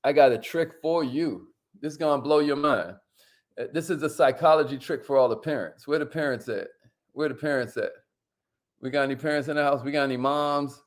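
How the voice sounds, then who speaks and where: Lively man hosting a livestream. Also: a little high, fairly quick. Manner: lively, hypes up viewers and reads their comments; drops to a near whisper to make a point. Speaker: host. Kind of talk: casual livestream talk to viewers.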